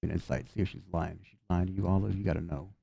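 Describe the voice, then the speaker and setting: A man's voice: low-pitched, fairly even intonation, very fast, vocal fry, dark tone, breathy edge, no echo. A man narrating a tabletop game as game master, casual, swearing and laughing often.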